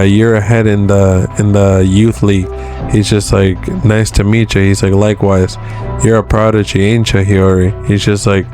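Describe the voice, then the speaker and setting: A man's voice: fairly low pitch, mellow. A man in a casual manga chapter recap who retells each scene in a loose way and keeps saying "he's like.". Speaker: manga reviewer.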